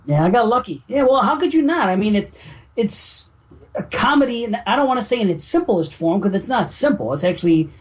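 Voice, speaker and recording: A man's voice: high voice, animated, a little fast. A man talking casually about old comedy films he has just discovered, enthusiastic and swearing often. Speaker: podcast co-host. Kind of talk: casual chat.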